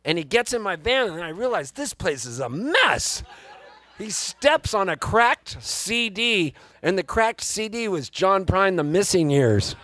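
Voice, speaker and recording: A man, a singer-songwriter, telling an animated story between songs at a live music venue and acting out the people in it. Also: high voice, unhurried. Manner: animated, excitable storyteller who acts out the people he quotes.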